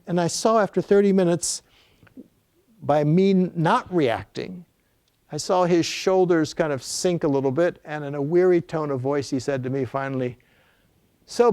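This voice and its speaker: A man's voice: on the high side, darkish tone, no room sound. An older man giving a talk as an author, telling an anecdote in a storytelling lecture style with frequent fillers and restarts.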